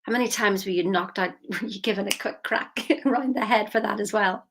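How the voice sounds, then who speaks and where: A woman coach delivers a motivational talk briskly, her medium-pitched voice fairly bright with a breathy edge. She's chatty as she tells her story, asks the listener questions, and whispers for emphasis.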